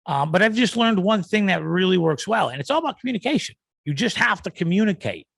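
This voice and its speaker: Gravelly ranting podcast host, man. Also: high-pitched, expressive, fast talker, no room sound. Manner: ranting, rambling, acts out yelling. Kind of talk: comedic rant.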